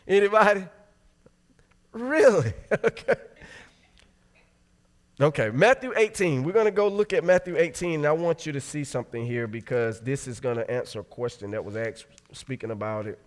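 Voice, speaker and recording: Animated preaching man. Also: a little high, normal speed. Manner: animated, swings from loud exclamations to quiet asides. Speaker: pastor. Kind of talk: sermon Bible teaching.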